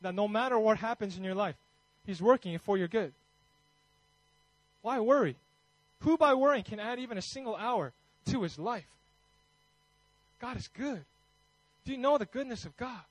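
A man's voice: high voice, expressive, normal speed, pauses often, no room sound, poor audio. A man preaching a Christmas sermon in a conversational way, then leading a fervent prayer. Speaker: pastor.

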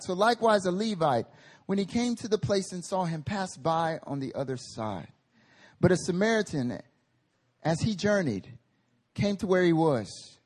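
A man preaching a sermon at a prayer meeting, animated and conversational, with humorous tangents. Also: a little high, normal speed. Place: meeting hall.

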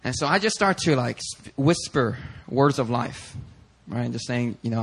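A young male pastor telling a lively, casual story in a sermon, slipping in Korean phrases. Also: mid-range voice, moderate pace, breathy edge.

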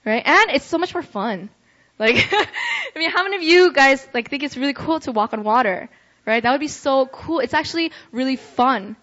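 A young adult woman preaching a casual sermon, chatty and conversational, often checking in with her listeners with a quick "right?". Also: high-pitched, sing-song, a bit bright. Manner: chatty, ends phrases with "right?". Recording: dull lo-fi recording.

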